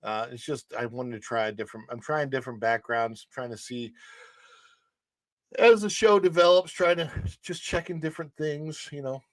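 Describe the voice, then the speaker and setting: A man hosts a casual livestream show from a home studio, speaking at a moderate pace in a mid-range voice with no room sound. He's chatty and rambling, chatting loosely and reading viewers' messages from the chat aloud.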